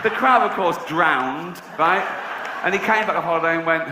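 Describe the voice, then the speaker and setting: A man's voice: fairly high pitch, moderate pace, very noisy. A middle-aged man doing a sardonic stand-up routine, swearing and acting out characters. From England. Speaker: stand-up comedian. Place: large theatre with a live audience. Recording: echoey live theatre with audience laughter.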